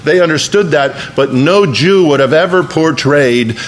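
A man's voice: fairly high pitch, unhurried, slight background noise. Man preaching a storytelling sermon. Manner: storytelling preacher who repeats words. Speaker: pastor.

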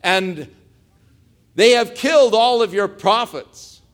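A man acting out a frantic, self-pitying old prophet who pleads in a high, urgent voice. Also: takes it slowly. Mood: desperate pleading.

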